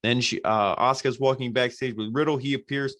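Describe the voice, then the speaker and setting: A man's voice: mid-range voice, fairly even intonation, fairly quick, fairly bright tone, no echo. A man hosting a podcast, recapping a show casually in a blunt, profane, exasperated way. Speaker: podcast host reviewing wrestling.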